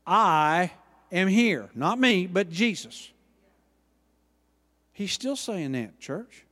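A man preaching a sermon, acting out Bible dialogue with lively emphasis. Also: high voice, slow, big-room sound. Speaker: pastor.

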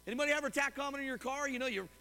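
High bright-voiced preacher in a hall. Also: male voice, very fast. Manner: animated, asks the congregation questions. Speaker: pastor. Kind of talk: sermon. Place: church sanctuary. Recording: long hall reverb.

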